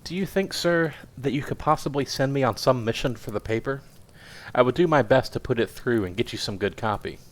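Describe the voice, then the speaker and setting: A man's voice: medium pitch, a little fast, voice pushed up, lightly acted. A man reading aloud voices an eager young male reporter who speaks earnestly and politely.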